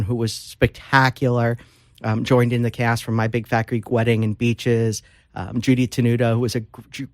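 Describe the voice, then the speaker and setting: A man's voice: medium pitch, no echo, studio quality. A man, an author and lawyer, talking as a guest in an interview, telling stories with many fillers. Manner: animated storyteller with fillers. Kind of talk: casual interview talk.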